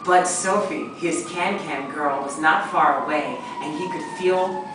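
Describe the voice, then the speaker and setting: Woman narrating improv story, low voice, roomy far-off sound with noise. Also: unhurried. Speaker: improv student. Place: acting studio classroom. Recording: echoey room from far off.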